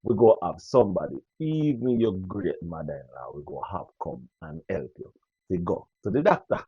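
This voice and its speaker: Man, Jamaican accent, vlog commentary, preachy and repetitive, lively pitch, dull dry lo-fi recording. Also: husky, dry recording. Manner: animated and preachy, repeats phrases, speaks in patois. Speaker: vlogger. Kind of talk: casual commentary to viewers.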